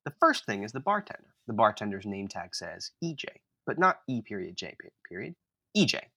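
A man co-hosting a podcast, telling a comic story in an animated, self-mocking way. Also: on the low side, brisk. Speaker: podcast co-host.

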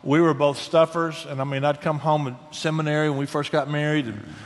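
This guest speaker on marriage is a middle-aged man whose voice runs a bit high, keeping a steady tone at a brisk pace. Chatting on a Christian talk show, he sounds earnest and folksy and keeps restarting phrases, all heard through long hall reverb.

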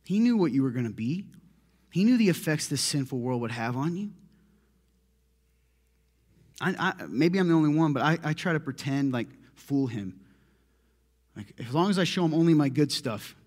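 A man preaching a conversational sermon as a pastor, telling stories in a lively, self-deprecating way and often laughing. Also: fairly high pitch, brisk.

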